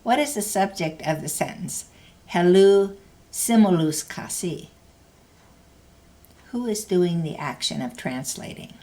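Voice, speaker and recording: A woman's voice: on the low side, very animated, normal speed, few pauses. A woman teaching a language lesson, explaining grammar carefully in a scripted narration.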